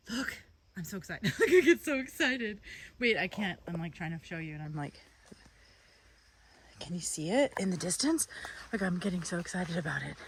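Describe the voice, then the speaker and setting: A woman hosting a casual vlog outdoors in a marshy refuge, talking into a handheld camera with giggly, gushing excitement. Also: lowish voice, unhurried, pauses often, slight background noise. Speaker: vlog host. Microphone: handheld camera at arm's length.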